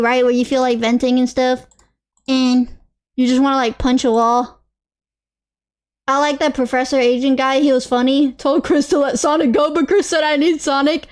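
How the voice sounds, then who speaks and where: Young woman streamer, very high voice, worked-up rant, repeats herself. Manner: animated, ranting and repeating herself, with laughs and apologies. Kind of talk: casual live-stream rant.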